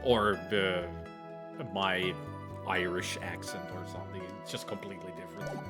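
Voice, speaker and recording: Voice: sits low, flat delivery, normal speed, loud music behind the voice. A player chatting and joking with exasperation while voicing a story game. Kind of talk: casual banter over a game playthrough.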